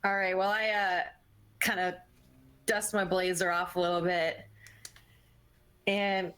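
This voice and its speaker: A woman's voice: lowish voice, level tone, slow pace, a bit bright, clear, resonant tone, poor audio. A woman player describing her character's actions in a tabletop game, somewhat hesitant. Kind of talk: casual tabletop game play.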